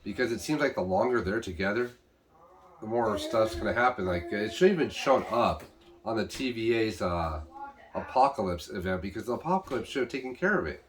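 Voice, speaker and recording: A man casually recapping an episode, rambling with restarts and quickly paraphrasing what the characters say. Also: on the low side, expressive, crowd noise. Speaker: show reviewer.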